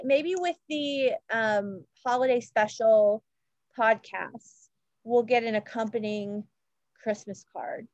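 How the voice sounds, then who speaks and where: A podcast co-host with a slightly high voice gushes over royal news in casual conversation, using lots of fillers and restarting often. The recording sounds muffled and has no room sound.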